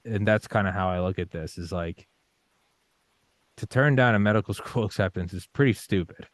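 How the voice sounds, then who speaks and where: A man's voice: on the low side, moderate pace, dry recording. A young man talking in a casual interview, intense and swearing, acting out his own panicked thoughts. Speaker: podcast guest.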